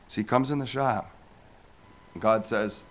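A man in his forties telling a personal faith story, animated and acting out the voices of people he quotes. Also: a little slow. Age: 40s. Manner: animated storyteller who acts out quoted voices with big pitch jumps. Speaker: speaker sharing a personal testimony. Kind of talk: storytelling testimony talk.

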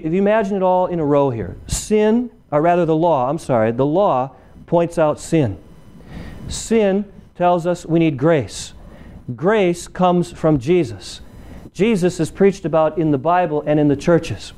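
A man giving a conversational sermon, often checking in with the audience with "right?". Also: darkish tone. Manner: acts out a traffic stop in a lower voice. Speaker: preacher. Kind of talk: sermon with illustration. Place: church meeting room.

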